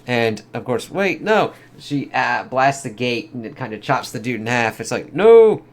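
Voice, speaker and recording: A man's voice: medium pitch, moderate pace, fairly bright tone. A man giving a loose, casual spoken review of a comic book, swearing freely and leaning on fillers. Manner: loose and profane, lots of fillers.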